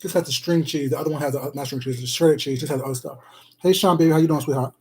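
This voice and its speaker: A man's voice: a little high, racing, a little mellow. A man hosting a casual eating livestream, chatting with viewers, calling them baby and sweetheart, and humming while he eats. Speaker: food vlogger on a live stream.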